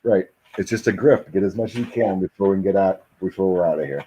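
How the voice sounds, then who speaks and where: A man hosting a casual chat, rambling and animated, with mocking asides. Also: sits low, quick pace, highs cut off, slight background noise. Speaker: host. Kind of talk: casual chat with tarot reading.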